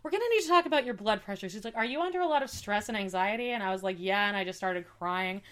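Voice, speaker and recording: Young female podcast co-host, casual and animated, slips into other people's voices as she tells a story. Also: medium pitch, fast. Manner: animated storytelling, acts out quoted dialogue. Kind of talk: casual chat.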